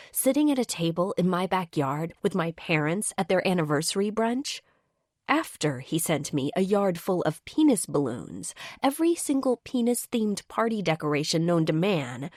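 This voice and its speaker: Lively wry woman narrating. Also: medium pitch, no echo, clean studio sound. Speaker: audiobook narrator. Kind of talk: first-person romance audiobook narration.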